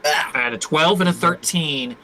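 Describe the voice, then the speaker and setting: A man playing a tabletop game, unhurried and thinking aloud. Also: on the high side, sharp tone, low-quality recording. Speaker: player.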